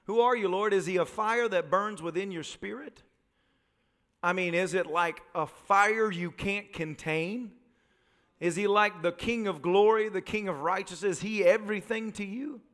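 Animated pastor preaching in a reverberant sanctuary. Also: male voice, high voice, a little slow. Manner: animated, joking preaching with rhetorical questions. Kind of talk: sermon. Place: church sanctuary. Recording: live church recording with long reverb.

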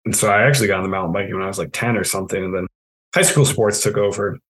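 A man's voice: low voice, fairly even intonation, very fast, fairly bright tone, rough recording. A man in his thirties from New England, telling stories as a podcast guest in a laid-back, self-mocking way with frequent laughs. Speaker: guest, trail project manager. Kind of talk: casual storytelling.

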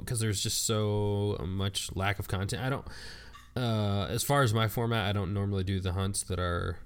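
A man co-hosting a casual podcast, talking about his videos in a relaxed, hesitant way. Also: on the low side, smooth. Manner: relaxed, hesitant with many ums. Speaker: podcast co-host, video maker. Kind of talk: casual chat.

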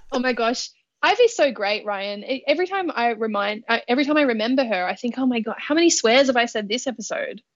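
A woman's voice: on the high side, animated, fairly quick, no echo. Playful woman, muffled dry sound. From Australia. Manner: laughs often, swears freely, playful. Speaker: podcast co-host. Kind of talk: casual chat.

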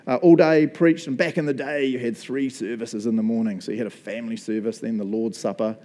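A man with a New Zealand accent preaches a casual sermon packed with stories, speaking in a mid-range voice at a fairly quick pace. He's chatty, jokey and animated as a storyteller.

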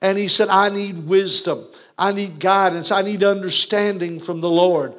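A man's voice: high voice, fairly even intonation, moderate pace, a bit bright. A man preaching a Christmas sermon, quoting scripture and adding frequent amens as he addresses viewers. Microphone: broadcast to viewers.

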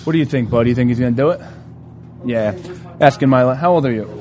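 A man's voice: medium pitch, fast, a little mellow, a little hiss or hum. A man co-hosting a podcast, giving joking play-by-play banter live at an outdoor eating contest. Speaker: podcast co-host. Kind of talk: casual live commentary.

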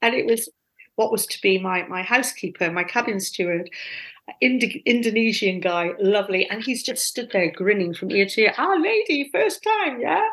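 A woman casually telling animated, self-deprecating stories from her past. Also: medium pitch, moderate pace, low-quality recording. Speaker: guest storyteller.

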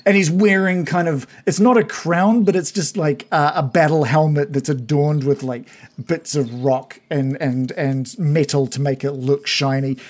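Male game master, casual rambling scene narration, slightly high voice. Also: steady tone, normal speed. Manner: rambling descriptive narration with fillers.

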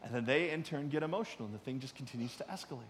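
A middle-aged man preaching a sermon in a conversational way, swinging from loud emphasis to quiet asides. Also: mid-range voice, rapid-fire, big-room sound, a little hiss or hum. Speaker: pastor.

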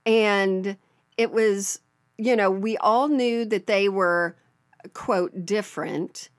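Woman, podcast co-host, unhurried storytelling, laughs a lot, dry sound. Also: mid-range voice, steady tone, no echo. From American South. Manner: slow, chatty storytelling with frequent laughs. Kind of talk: casual podcast chat, reading a listener story.

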